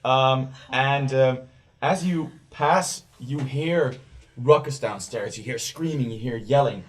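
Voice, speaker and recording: A man narrating as game master, loose and full of fillers, breaking into loud character voices. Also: medium pitch, slow, distant mic.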